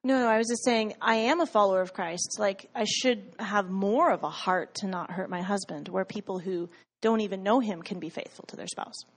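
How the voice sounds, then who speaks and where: A woman's voice: mid-range voice, normal speed. A woman telling her faith story in a casual way, full of "like" fillers and frequent laughs, acting out what she said and thought back then. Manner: chatty, many "like" fillers, laughs often, acts out her own past lines. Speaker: guest sharing a personal faith testimony.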